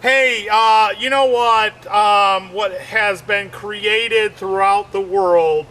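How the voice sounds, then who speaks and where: A middle-aged man with a strikingly high, piercingly bright voice performs a stand-up comedy routine. He talks slowly and rambles, repeating himself and leaning on fillers. He acts out lines in a theatrical, exaggerated way. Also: fairly even intonation.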